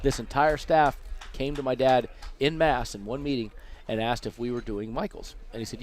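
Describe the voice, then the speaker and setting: A man from Las Vegas telling lively anecdotes as a dinner guest, acting out the people he quotes, in a casino restaurant. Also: mid-range voice, normal speed. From Las Vegas, USA. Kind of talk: casual storytelling over dinner.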